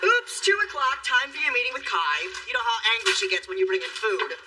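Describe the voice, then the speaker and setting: Sassy, sarcastic office assistant. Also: male voice, extremely high pitch, huge pitch swings, brisk, pushed and bright, recorded from a distance, a little hiss or hum, exaggerated voice, rough recording. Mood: snippy. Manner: sarcastic, snippy comebacks. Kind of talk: sitcom acting.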